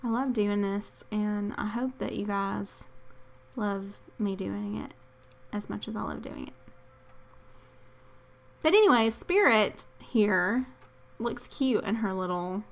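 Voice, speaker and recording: Tired, rambling woman gamer. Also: mid-range voice. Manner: rambling, apologetic, self-deprecating. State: tired, yawning. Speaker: gaming channel host. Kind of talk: casual gameplay commentary.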